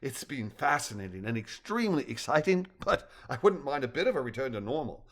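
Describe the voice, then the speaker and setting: A man's voice: mid-range voice, very animated, a little fast, lightly acted. A man voicing a chatty woman librarian in a storybook reading. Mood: eager.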